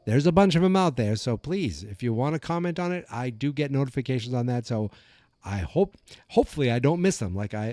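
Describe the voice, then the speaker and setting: A man with an American accent hosting a podcast in a calm, rambling casual chat, often correcting himself. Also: mid-range voice, dry recording, clean studio sound. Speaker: podcast host.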